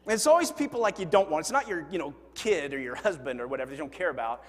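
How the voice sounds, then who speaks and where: A man's voice: a little high, very fast. A man preaching a sermon as pastor, telling funny stories with acted-out quotes and poking fun at himself. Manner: animated storytelling with acted-out quotes; self-deprecating humor. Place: church sanctuary. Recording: long hall reverb. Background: congregation laughing.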